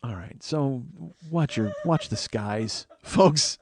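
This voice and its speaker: A man's voice: medium pitch, expressive, slow pace, darkish tone, a little hiss or hum. A man hosting a podcast, telling rambling, profane comic stories in a casual monologue. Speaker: podcast host.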